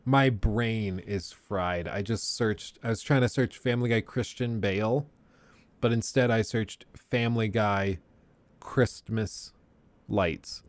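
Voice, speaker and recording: A man's voice: lowish voice, slow. A man hosting a livestream, chatting casually and ranting sarcastically, often laughing. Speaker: livestream host. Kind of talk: casual chat.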